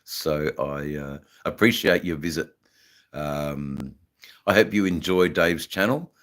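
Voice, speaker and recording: Australian man, very deep voice, slow unhurried talk, rambling live chat, smoking as he talks. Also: fairly bright tone. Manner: rambling, halting, full of fillers and slang; smoking while talking. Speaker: livestream host. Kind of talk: casual live-stream chat.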